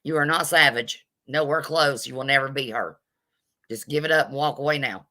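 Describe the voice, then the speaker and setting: A woman's voice: a bass voice, normal speed, sharp tone. A woman doing a live commentary rant, greeting her viewers between blunt, indignant remarks. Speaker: vlogger.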